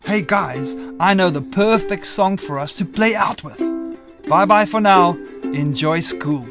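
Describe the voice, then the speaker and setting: A man's voice: high-pitched, unhurried. An upbeat, chatty man hosting and signing off a children's show. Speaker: host. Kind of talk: casual sign-off to children. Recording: over bright ukulele music.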